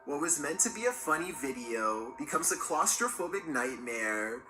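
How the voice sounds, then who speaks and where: A man reading scripted narration for a countdown video in a measured storytelling delivery. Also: fairly high pitch, big pitch swings, bright, forceful tone. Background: music.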